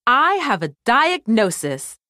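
A woman voicing a cheerful young girl who doctors toys, speaking gently and confidently. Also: fairly high pitch, very animated, slow pace, dry recording, clean studio sound, voice pushed up, full character voice.

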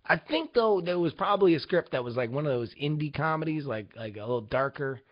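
A young man rambles through casual host commentary, swearing freely and turning sarcastic. His pitch swings up and down with lively energy. The recording is dull and lo-fi. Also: fairly quick. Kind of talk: casual talk-show commentary.

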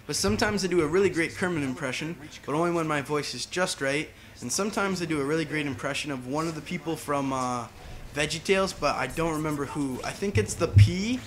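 A man with a slightly high voice chatting loosely over his gameplay. He wanders off onto tangents and talks to his viewers as he goes. His delivery is relaxed and conversational. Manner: rambling, chatty, side tangents. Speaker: gaming channel host. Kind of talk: casual gameplay commentary.

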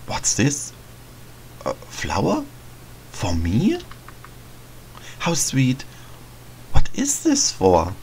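Lonely, motherly witch from a storybook horror game, read by a man. Low, gravelly, slow and tender, with lots of rise and fall. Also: wildly swooping pitch, slight background noise, full character voice, poor audio. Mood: kindly. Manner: soft, motherly, hesitant, sighing. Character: lonely, gentle female forest witch, middle-aged. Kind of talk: reading game dialogue aloud in a let's play.

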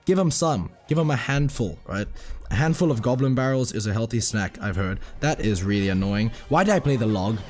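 A man giving casual gameplay commentary, ranting and swearing in a fast, offhand manner. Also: mid-range voice, animated, a little mellow, faint music behind. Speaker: gaming channel host.

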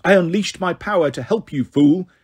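A man's voice: high voice, normal speed, darkish tone, husky. A man voicing a haughty, commanding queen goddess who speaks with scorn. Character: haughty imperious queen goddess, female, ancient.

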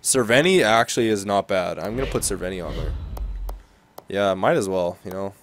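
Young male gamer, lowish voice, casual commentary, mutters then bursts out in frustration. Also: brisk, fairly bright tone, a little hiss or hum. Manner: exasperated, swinging from mumbling to frustrated outbursts. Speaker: gaming commentator.

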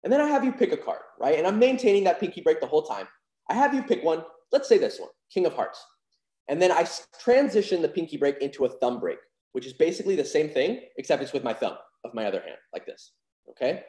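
A man's voice: on the high side, very animated, quick pace, warm tone. A young man teaching card magic in a casual, upbeat and confident way, with lots of fillers. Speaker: magic instructor. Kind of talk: casual online lesson. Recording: echoey room.

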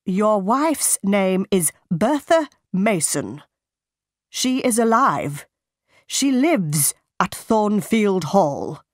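A woman's voice: medium pitch, big pitch swings, very slow, no room sound, clean studio sound. A woman reading as an emphatic male lawyer. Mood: firm. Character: firm male lawyer making an accusation.

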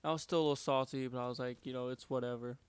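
A man's voice: mid-range voice, steady tone, rapid-fire, clear, resonant tone, dry recording. Slangy young man telling a story. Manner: slangy, profane, keeps saying like and dude. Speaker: vlogger. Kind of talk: casual storytime.

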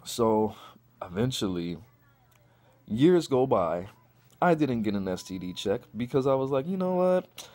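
A young man from Chicago tells a crude personal story straight to camera. His voice sits on the low side but leaps up and down wildly as he acts out the lines. He swears constantly and keeps the rant going fast. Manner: profane, animated, acts out quotes. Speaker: vlogger.

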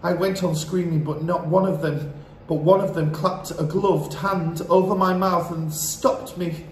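A man's voice: high voice, fairly even intonation, a little slow. A man reading a children's book aloud as storyteller, narrating with dramatic expression. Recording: roomy echo, faint hiss.

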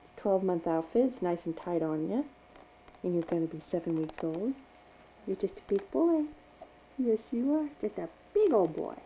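A woman's voice: on the low side, animated, moderate pace, dark tone, a little hiss or hum, poor audio. A mother filming her baby at home, talking to him in a cooing, teasing, sing-song baby voice. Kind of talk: baby talk to an infant. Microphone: handheld home video camera.

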